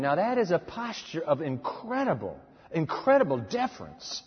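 A male preacher tells the story dramatically, acting out every voice in a husky, fairly high tone. His sermon sounds dull and lo-fi, with a long echo from a big hall. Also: very animated, brisk. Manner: dramatic storytelling, acts out dialogue.

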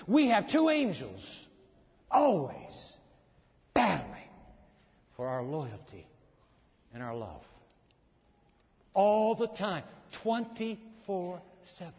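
A high-pitched male pastor preaching with dramatic flair, his voice carrying a long echo through a church hall. The sound is muffled and dull. He acts out the scripture characters in lively bursts. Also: slow pace, pauses often. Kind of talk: sermon. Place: church sanctuary.

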